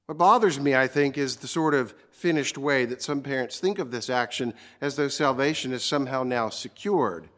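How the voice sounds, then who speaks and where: A man preaching a sermon, earnest and emphatic, slowing down to stress key words. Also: medium pitch, a bit bright. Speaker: pastor.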